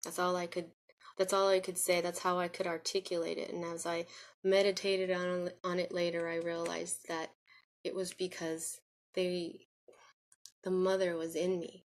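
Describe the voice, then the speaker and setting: A woman with a slightly low voice speaks to her camera about her own life. She drifts and circles back, restarting sentences and leaning on fillers. Her tone stays earnest and confiding. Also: level tone, normal speed. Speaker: vlogger. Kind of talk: personal spoken reflection.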